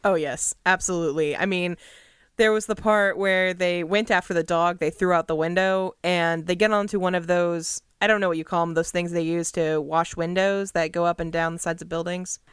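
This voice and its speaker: A woman's voice: lowish voice, fairly even intonation, moderate pace, smooth, no echo. A young woman co-hosting a casual podcast, giving dry, wry commentary on a movie. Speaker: podcast co-host. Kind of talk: casual chat reviewing a movie.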